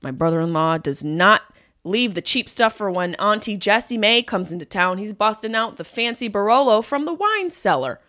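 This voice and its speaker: A woman in her thirties hosting a podcast, riffing through a profane, animated comedic monologue. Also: medium pitch, dry recording, studio quality. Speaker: podcast host.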